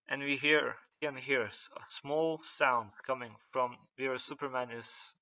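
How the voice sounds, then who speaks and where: A man's voice: mid-range voice, steady tone, slow, hardly any pauses, sharp tone. A young man casually retelling a story, rambling and hesitant, with many fillers and restarts. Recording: dull lo-fi recording.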